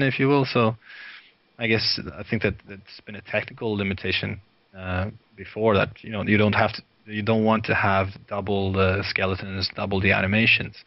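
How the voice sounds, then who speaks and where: A man from Sweden, a guest video director, telling lively anecdotes in casual chat and laughing often. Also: fairly low pitch, no echo. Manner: lively storyteller, laughs often, many fillers. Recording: dry, dull lo-fi sound.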